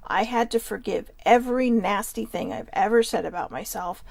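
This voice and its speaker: A woman's voice: mid-range voice, normal speed, creaky, darkish tone, dry recording. A middle-aged woman hosting a vlog, talking earnestly and confessionally to her viewers in real time, sometimes reading their comments aloud. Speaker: vlog host. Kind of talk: emotional personal livestream talk.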